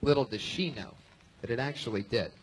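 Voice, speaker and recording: A man's voice: medium pitch, a little fast, breathy edge, poor audio. A man hosting a live comedy podcast from a club stage, playful and announcing acts. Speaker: comedy show host.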